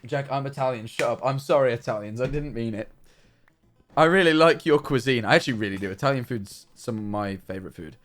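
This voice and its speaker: A man's voice: medium pitch, brisk, faint music behind. A man, chatting casually on a livestream and telling rambling, jokey stories. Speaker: streamer.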